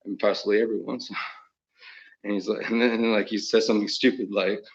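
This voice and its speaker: A man's voice: lowish voice, fairly even intonation, a little fast, muffled recording. A man talking in a rambling monologue, chuckling often mid-sentence and trailing off into restarts.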